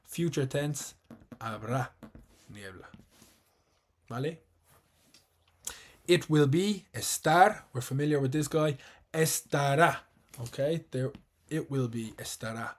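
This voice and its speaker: An Irish-accented man with a fairly high voice runs a live online exam-prep class, explaining things patiently and repeating words slowly and clearly.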